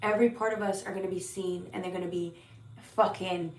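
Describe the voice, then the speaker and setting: A woman's voice: lowish voice, steady tone, a little fast, a little mellow, roomy sound, recorded from a distance. A woman giving a heartfelt, earnest spiritual tarot reading to her viewers, often repeating words and sometimes swearing. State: emotional at times. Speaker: tarot reader.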